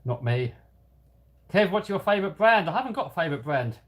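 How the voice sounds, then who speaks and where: Man, light London-area accent, slightly higher voice, casual live-stream chatter, self-deprecating, lots of fillers. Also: sing-song, brisk, a bit bright. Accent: London-area English, lightly Cockney. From England. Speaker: host of a hobby channel live stream. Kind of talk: casual live-stream chat reading out viewer comments.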